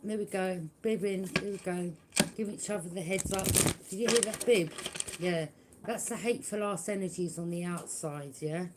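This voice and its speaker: A woman's voice: on the low side, moderate pace, heavy background noise. A woman giving a live tarot reading. She taunts unseen enemies, laughs at them mockingly and keeps checking in with "yeah?". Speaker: tarot reader.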